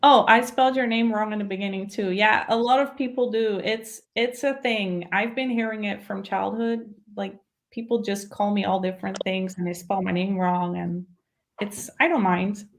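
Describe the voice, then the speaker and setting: A woman's voice: medium pitch, fairly even intonation, normal speed. A woman from the Netherlands with a Dutch accent, co-hosting a casual live-stream chat on a video call and laughing often. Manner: laughs often, friendly and chatty. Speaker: readathon co-host.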